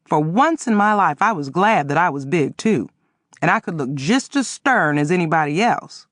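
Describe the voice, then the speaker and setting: A woman narrating a first-person audiobook in an expressive, dramatic reading. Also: lowish voice, moderate pace, no echo, clean studio sound.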